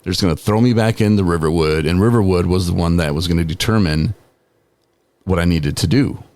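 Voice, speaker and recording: This podcast host, a man in his forties, has a low, slightly mellow voice and talks a little fast on a dry recording. Telling a personal story, he stays conversational, laughs frequently, and keeps saying "man" and "you know."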